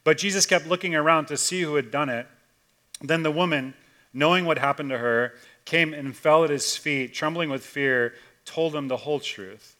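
Male pastor, bright and slightly high voice, casual storytelling sermon, swings loud to hushed. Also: moderate pace. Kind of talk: conversational sermon.

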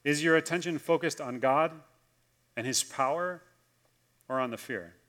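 A man preaching a sermon as pastor, telling stories and slowing down to drop softly on the key lines. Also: fairly high pitch. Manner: storytelling, slows for emphasis and drops soft on key lines.

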